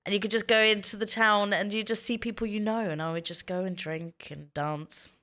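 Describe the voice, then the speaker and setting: A woman's voice: medium pitch, steady tone, brisk, sharp tone. A woman, chatting casually with her stream viewers and telling stories. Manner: chatty storytelling, reading chat aloud. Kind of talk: casual chat.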